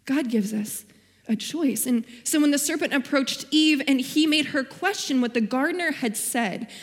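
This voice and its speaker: A woman's voice: high voice, moderate pace, long reverb tail. A young woman giving a sermon as a guest speaker, telling her own story earnestly and quoting scripture. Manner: earnest, personal storytelling with Bible quotes.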